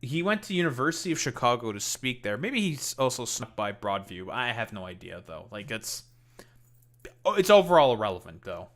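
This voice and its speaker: A male streamer reacts to a clip, heckling it with profane, mocking commentary. His voice sounds forceful and bright, at an average pitch for a man. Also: sing-song, fairly quick. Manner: mocking, heated, profane, with laughs. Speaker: streamer host.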